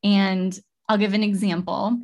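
A woman's voice: mid-range voice, flat delivery, unhurried, a little mellow. Young woman, casual chat, rambling storyteller, lots of fillers and restarts. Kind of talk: casual heartfelt conversation.

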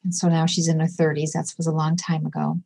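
A woman's voice: sits low, level tone, fast talker, gravelly, mellow, a little hiss or hum. A middle-aged woman, a podcast guest, talking earnestly and telling stories with quoted dialogue. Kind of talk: casual conversation.

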